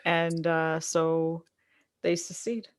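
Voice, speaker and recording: A man's voice: fairly high pitch, completely flat delivery, slow pace, clean tone, no room sound, clean studio sound. A man co-hosting a casual history podcast, chiming in with short laid-back remarks and reading a quote. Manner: laid-back, brief agreeing replies. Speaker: podcast co-host.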